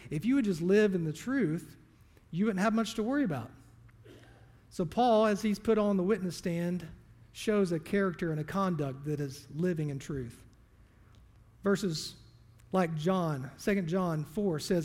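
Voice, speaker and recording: A male pastor delivers a sermon, moving between scripture reading and casual explanation. His voice sits high for a man. A long reverb fills the large church sanctuary around him. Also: moderate pace, a little mellow. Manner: reads scripture, then explains it conversationally.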